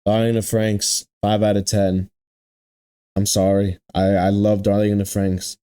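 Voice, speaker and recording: A man's voice: on the low side, flat delivery, moderate pace, mellow, clean tone. A young man hosting an anime reaction video, ranting in exasperation, repeating himself and using lots of slang, and talking straight to his viewers. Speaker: anime reaction channel host.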